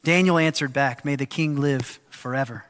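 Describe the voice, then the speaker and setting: A male pastor preaching a sermon, animated and lively, often acting out the voices of people in the story. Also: mid-range voice, moderate pace. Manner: animated, acts out quoted voices. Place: church sanctuary. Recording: long hall reverb.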